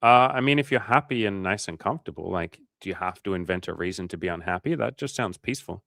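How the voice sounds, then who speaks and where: A man's voice: deep voice, lively intonation, fast, gravelly, fairly bright tone, no echo, clean studio sound. A young man casually chatting on a livestream as a coach, reading out comments, swearing freely and saying "like" a lot.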